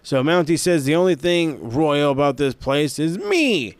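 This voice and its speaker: A man's voice: a little high, unhurried, clean tone, dry recording. A man casually recapping an old wrestling show in a profane, sarcastic way, with plenty of swearing and asides. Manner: profane, sarcastic, animated storytelling. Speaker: wrestling review host.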